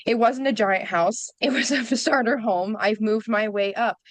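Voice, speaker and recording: A woman's voice: on the high side, fairly even intonation, normal speed, no echo, low-quality recording. Woman guest on a podcast, blunt and emphatic, swears, dry sound. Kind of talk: casual conversational opinion talk.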